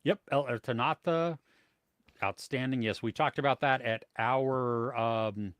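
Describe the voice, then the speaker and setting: A man chatting casually on a film podcast, his speech meandering and full of fillers. He sits at a middle pitch, and the room sounds dry and close to the mic. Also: a little slow, clean tone, dry recording. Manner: rambling, many fillers and restarts. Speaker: podcast host. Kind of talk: casual chat about movies and shows.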